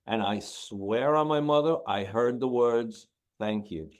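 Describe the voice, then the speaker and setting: A man's voice: mid-range voice, measured pace, clear, resonant tone. A man who trains dogs, guest on a podcast, talking casually and emotionally, repeating himself for emphasis. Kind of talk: casual interview talk.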